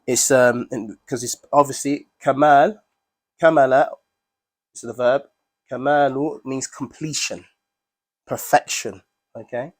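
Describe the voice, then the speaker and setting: A man's voice: mid-range voice, steady tone, unhurried, pauses often. A man teaching a class, explaining Arabic words step by step and often checking in with the students.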